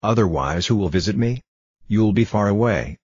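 A man voicing a proud, fragile female flower, reading her lines calmly with little change of voice. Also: lowish voice, moderate pace, breathy edge, no room sound. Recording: dull lo-fi dry recording.

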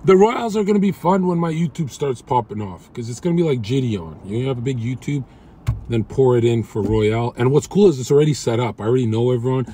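A man's voice: mid-range voice, animated, fast, mellow, slight background noise. A man streaming from his car, talking in brash, crude trash-talk to his chat. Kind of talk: casual livestream chat.

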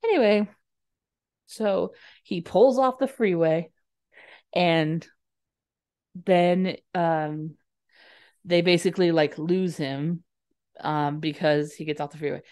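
A woman's voice: on the low side, slow pace, pauses often, a little mellow, no room sound, studio quality. A woman co-hosting a podcast, recapping a movie in a casual, chatty way, swearing and saying "like" a lot. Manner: chatty, swearing, lots of "like" fillers. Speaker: podcast co-host.

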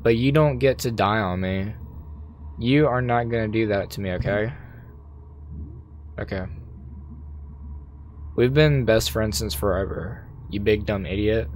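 Loyal fox buddy from a game, guy voicing him plain and lowish, earnest and insistent. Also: a little slow, long pauses, a little mellow, a little hiss or hum, lightly acted.

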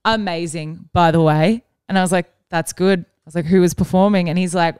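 A woman's voice: lowish voice, fairly even intonation, fairly quick, hardly any pauses, darkish tone, clear, resonant tone, no room sound, studio quality. A woman, co-hosting a comedy podcast, telling stories and laughing often. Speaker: podcast co-host. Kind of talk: casual storytelling chat.

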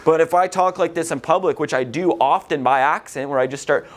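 A man's voice: fairly high pitch, fast, hardly any pauses. A man lecturing a recovery group in a casual, rambling way, swearing freely and often. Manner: swears a lot, vulgar, rambling.

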